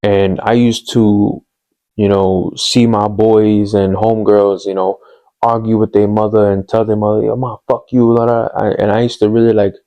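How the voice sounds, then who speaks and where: A man's voice: lowish voice, little pitch movement, normal speed. A man telling a personal story on his podcast, candid and rambling, with lots of fillers and street slang. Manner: hushed and subdued later on. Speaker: podcast host.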